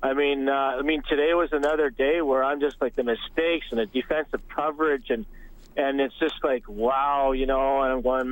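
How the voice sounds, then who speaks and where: A man's voice: fairly high pitch, fairly even intonation, normal speed, low-quality recording. A man calling in to a sports radio show, chatty and rambling, often laughing at himself. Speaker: caller. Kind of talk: phone-in chat.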